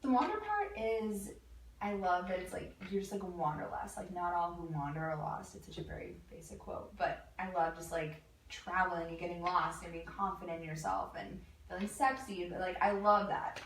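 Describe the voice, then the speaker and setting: Lowish-voiced woman, animated guest storyteller, recorded off-mic in an echoey room. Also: normal speed. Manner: animated storyteller, laughs often. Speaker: guest, lingerie designer. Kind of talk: casual chat. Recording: echoey room, mic at a distance, faint noise.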